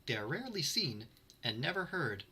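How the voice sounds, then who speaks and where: A man's voice: mid-range voice, very animated, moderate pace, pushed and bright, breathy edge. A man streaming to his chat, reading lore aloud and breaking off for dry, sarcastic, self-mocking asides.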